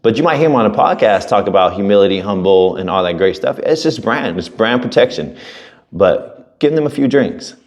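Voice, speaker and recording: A man's voice: lowish voice, lively intonation, brisk, a little mellow, dull audio. A young man co-hosting a podcast, casual chat with a fired-up, profane motivational drive. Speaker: podcast co-host.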